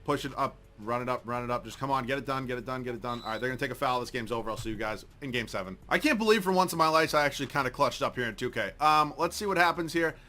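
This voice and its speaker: A man giving live commentary over a basketball video game, excitable, swearing often and joking about his own skill, swinging from mumbling to yelling at the screen. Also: mid-range voice, racing, few pauses. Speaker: gaming YouTuber.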